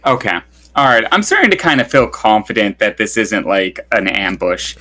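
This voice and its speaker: A man playing a tabletop game, hesitant and thinking out loud. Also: fairly low pitch, big pitch swings, normal speed. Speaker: player.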